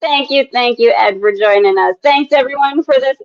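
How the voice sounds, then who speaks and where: A woman from South Dakota co-hosting a podcast, speaking warmly with gushing praise in casual chat. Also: sits high, moderate pace, no room sound. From South Dakota, USA. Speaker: podcast co-host. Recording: dull lo-fi dry sound.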